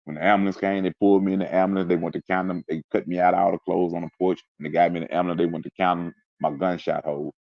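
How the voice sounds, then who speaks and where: A man with a low, creaky voice rattles off a personal story at rapid-fire speed, with little pitch movement and few pauses. As an interview guest in casual chat, he retells it intensely and emphatically, at times mimicking sounds. The recording is dry and muffled.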